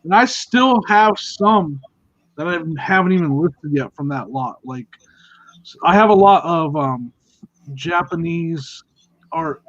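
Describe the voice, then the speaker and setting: A man's voice: a little high, expressive, slow pace, dry recording. Giggly man on a slightly dull line. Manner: chatty, giggly. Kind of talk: casual live-stream chat.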